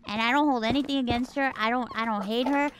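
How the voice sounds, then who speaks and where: High bright-voiced girl streamer just chatting, swears a lot, faint hiss behind. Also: fast. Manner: animated storytelling, acting out her mom; swearing freely. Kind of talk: casual chat.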